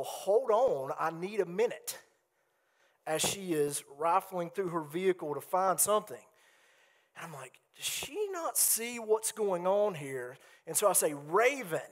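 A man preaching a sermon as a teaching pastor, telling a personal story in a conversational way before reading scripture aloud. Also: on the high side. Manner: storytelling, conversational with quoted asides.

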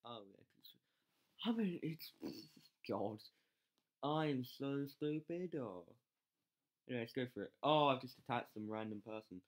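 A gamer commentating live gameplay, excitable, yelling at troops, swearing and mocking themself. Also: mid-range voice, normal speed, long pauses. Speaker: game channel host.

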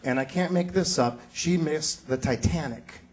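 A man doing a stand-up comedy set on a theater stage, delivering punchlines with animated energy and slipping into character voices. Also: on the high side, measured pace, slight background noise. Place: theater stage before a live audience. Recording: live stage recording with loud audience laughter.

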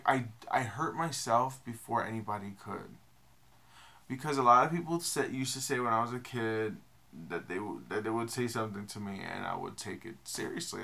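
Gravelly young man rambling to camera. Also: fairly low pitch, pushed and bright. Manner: rambling, self-deprecating, many fillers. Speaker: vlogger. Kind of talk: casual confessional vlog.

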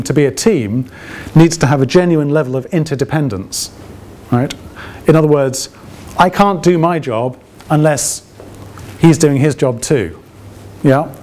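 A man's voice: fairly high pitch, mellow. A man giving an open lecture to alumni in a conversational way, often checking with the audience through rhetorical questions and dry, ironic asides. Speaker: guest lecturer.

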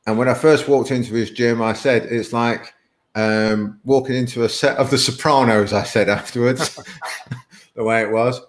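With a steady tone and medium pitch, a man runs a relaxed live webinar at a moderate pace. His manner is chatty and full of laughs as he drifts through meandering anecdotes.

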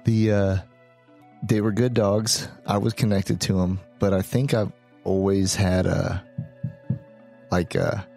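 A man co-hosting a podcast, talking slowly and haltingly as he thinks aloud in casual chat. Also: low voice, dark tone. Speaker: podcast co-host.

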